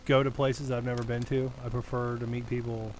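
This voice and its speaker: A young man spins a rambling, profane story for his podcast co-hosts, and his voice sits at an ordinary middle pitch. A faint hiss of background noise runs under the recording. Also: little pitch movement, a little fast, a little mellow, poor audio. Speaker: podcast co-host. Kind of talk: casual storytelling chat.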